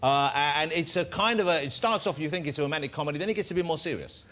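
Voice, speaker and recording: A man's voice: on the high side, sharp tone. A man hosting a chat show, firing off chatty questions and jumping in while his guest talks. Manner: rapid, chatty questions, jumps in over the guest. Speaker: talk show host.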